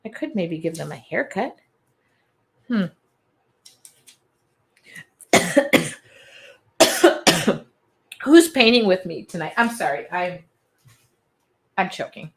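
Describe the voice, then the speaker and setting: A woman's voice: lowish voice, sing-song, drawn-out words, creaky, pauses often, slight background noise. A woman with a drawl talks her way through a live craft session. Her chat wanders from topic to topic as she cuts and paints, and she reads her viewers' comments aloud. She laughs easily and keeps it all casual. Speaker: art journaling host. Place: home art studio with air conditioning running.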